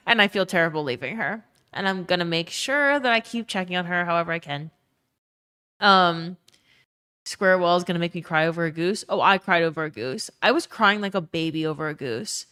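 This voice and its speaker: A woman's voice: on the low side, fairly quick, bright, forceful tone, clean tone. A woman live streamer chatting casually with her chat, answering them and telling a tender story, with lots of "um" and "like" and some swearing.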